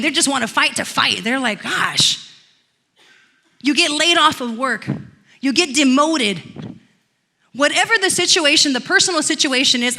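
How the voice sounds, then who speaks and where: A woman pastor preaching a sermon in church, telling stories and rising into loud declarations. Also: high voice. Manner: storytelling, swells to loud declarations.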